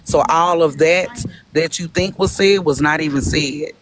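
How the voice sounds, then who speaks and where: A woman's voice: sits low, a little slow. A woman speaking in a heated live-stream argument, confrontational and accusatory. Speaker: live-stream debate participant.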